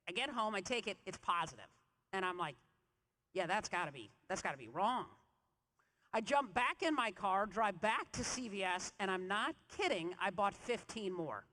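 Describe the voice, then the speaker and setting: Keynote speaker, woman, animated storyteller, big echoing hall. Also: medium pitch. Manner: animated storyteller, quizzing the audience. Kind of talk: motivational keynote speech. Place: large convention hall stage. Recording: reverberant convention hall.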